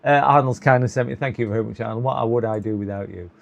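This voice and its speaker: A man's voice: mid-range voice, fast, vocal fry, muffled recording. A tired man with a sore throat, chatting and muttering to himself on a live stream while he repairs a computer. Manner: muttering to himself, chuckling, hopeful coaxing. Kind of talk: casual live-stream commentary while working.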